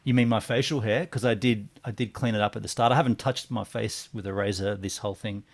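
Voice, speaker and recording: A man, co-hosting a casual live-stream chat and reading out viewers' comments with halting fillers. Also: fairly low pitch, fairly even intonation. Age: 40s. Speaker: podcast co-host.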